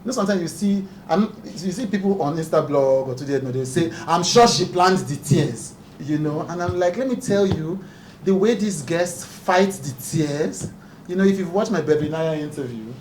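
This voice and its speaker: Slightly high in pitch with a darkish tone, this man talks at a moderate pace. He's a talk show host at a press conference, earnest and emphatic, regularly breaking into laughter, recorded on a distant mic in an echoing room with background noise.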